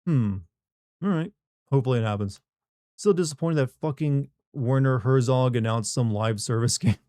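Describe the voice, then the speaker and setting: A man's voice: mid-range voice, normal speed, mellow, no room sound, studio quality. A man hosting a livestream, chatting casually and wryly, rambling while he reads chat aloud. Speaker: livestream host. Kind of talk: casual post-stream chat.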